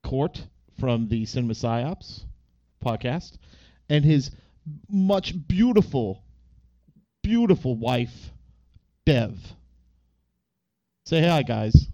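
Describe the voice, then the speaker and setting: A man's voice: medium pitch, animated, slow pace, long pauses, dark tone, no echo, highs cut off. A man co-hosting a casual podcast and trading dry, joking banter with his co-host.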